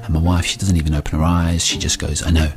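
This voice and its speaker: Wry deep-voiced dad telling a story. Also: male voice, flat delivery, fast talker, vocal fry, music in the background. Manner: wry, self-mocking. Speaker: storyteller, father. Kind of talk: comic personal story.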